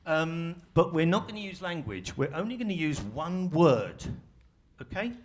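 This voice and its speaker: A man's voice: fairly high pitch, big pitch swings, normal speed. A man with an English accent hosting an improvisation performance on stage, talking in a playful, humorous, digressive way. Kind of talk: live conversational stage talk. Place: on stage before a live audience.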